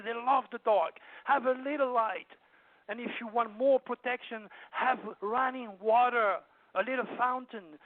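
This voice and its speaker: An older man with a French accent and a high voice holds forth as a radio guest, lecturing emphatically and circling back with fillers. He comes through a thin, tinny phone line with no room sound at all. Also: no room sound. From France. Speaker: astrologer guest. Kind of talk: radio call-in talk.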